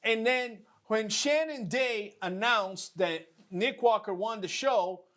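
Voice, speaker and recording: A man's voice: high-pitched, takes it slowly. A man hosting a casual talk show, telling stories and mimicking other people's lines. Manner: animated storyteller, mimics others. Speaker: podcast host. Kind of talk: casual bodybuilding chat.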